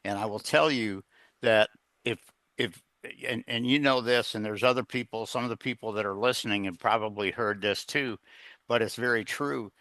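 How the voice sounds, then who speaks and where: A man's voice: fairly low pitch, moderate pace, pushed and bright, no room sound. A middle-aged man telling a personal story as a guest in an interview, rambling, with plenty of fillers and restarts. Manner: earnest, plain-spoken. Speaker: guest, executive coach.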